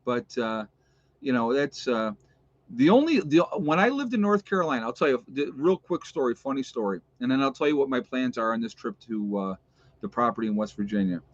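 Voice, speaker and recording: A man's voice: medium pitch, animated, brisk, no echo. A man with an upstate New York accent, rambling in a chatty, casual way to his viewers and laughing often. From New York State. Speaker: vlogger. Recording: dull lo-fi sound.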